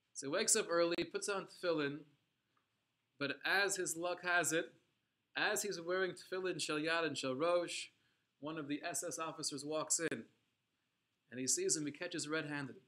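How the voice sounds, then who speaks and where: A man's voice: fairly high pitch, moderate pace, bright, forceful tone. A man teaching a religious class, telling a story dramatically and with emphasis, using Hebrew and Yiddish terms. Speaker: Torah teacher.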